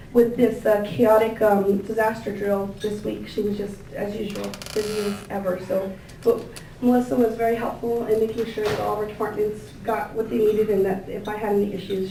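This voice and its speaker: A woman giving a thank-you speech at a gathering, introducing guests with warm, gushing words and many fillers. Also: mid-range voice. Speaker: event organizer introducing staff and guests. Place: large indoor room with tables. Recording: echoey room, picked up from a distance, faint ambient noise.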